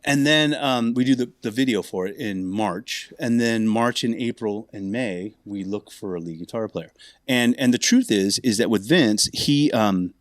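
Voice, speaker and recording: A middle-aged man, a bassist and podcast guest, telling stories in a casual, animated way. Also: normal speed, no room sound, clean studio sound. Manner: animated, acts out other people's lines. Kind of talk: casual storytelling.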